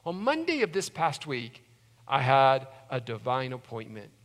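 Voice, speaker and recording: A man pastor preaching a sermon in a church sanctuary, impassioned, swinging from loud urgency to hushed pleading. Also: medium pitch, wildly swooping pitch, measured pace. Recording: long hall reverb.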